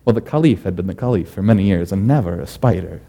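A man telling a folk tale aloud in a playful, animated way, swinging from whispers to bursts. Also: low voice, quick pace, vocal fry, dull audio. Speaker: storyteller. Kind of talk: oral storytelling.

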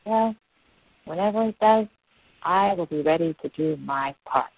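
A storyteller voicing a tiny, earnest bird that lies on its back in a fable, speaking small and soft. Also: medium pitch, expressive, measured pace, creaky, no room sound. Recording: dull dry lo-fi recording.

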